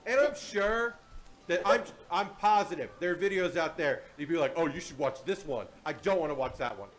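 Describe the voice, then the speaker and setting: A man's voice: fairly high pitch, animated, brisk. A man hosting a live convention panel in a casual, playful, self-deprecating way. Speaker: panel host. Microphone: handheld or table mic.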